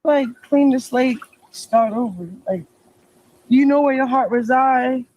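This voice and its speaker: A woman's voice: high-pitched, a little slow, darkish tone, muffled recording. A woman talking casually on a livestream, rambling and emphatic, often repeating herself. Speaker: interviewee in a played clip.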